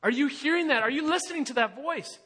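High, bright-voiced male preacher. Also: lively intonation, fast talker. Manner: earnest, emphatic preaching with rhetorical questions. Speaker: pastor. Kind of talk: sermon.

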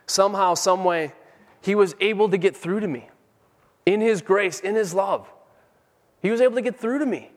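A man's voice: high-pitched, normal speed. A middle-aged man preaching a sermon with fervent, emphatic peaks. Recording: long hall reverb.

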